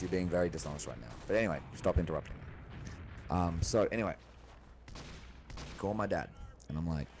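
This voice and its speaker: A young man venting in a casual monologue, rambling and agitated, swearing often and restarting his sentences. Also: rumbling low. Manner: rambling, profane and agitated, full of restarts and fillers. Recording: loud background noise.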